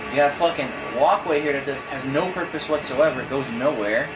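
A young male gamer gives frustrated commentary while playing a video game, swearing a lot, exasperated and thinking out loud. His voice is fairly high and brisk, and the recording is low quality.

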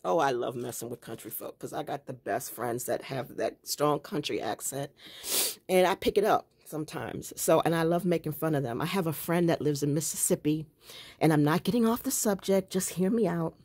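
A woman's voice: low-pitched, moderate pace, a little mellow. A woman giving a chatty, rambling tour of her home craft room, often breaking into laughter. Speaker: planner and journaling vlogger.

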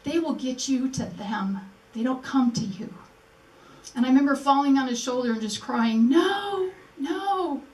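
An older woman with a high, warm voice speaks at a normal speed during a memorial event in a museum presentation room. She gives an earnest personal speech, acting out remembered conversations as she tells her story. The room is echoey and the mic is at a distance.

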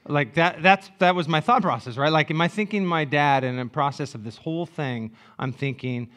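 Lively storytelling male pastor. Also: a little high, moderate pace, few pauses. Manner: animated, joking storytelling that swings from loud to hushed. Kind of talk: sermon.

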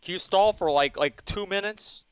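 A man's voice: high voice, normal speed, smooth, no room sound. Stammering, fretful male gamer. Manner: stammering, playfully whiny and fretful. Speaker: tournament player. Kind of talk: casual chat on a livestream.

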